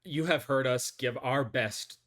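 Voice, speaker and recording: A man co-hosting an improvised comedy chat, deadpan and competitive in his banter. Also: medium pitch, a little slow. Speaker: co-host.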